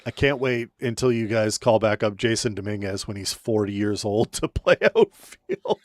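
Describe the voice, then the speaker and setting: A man co-hosting a sports talk show, joking and sarcastic in quick casual banter. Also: on the low side, expressive, dry recording, clean studio sound.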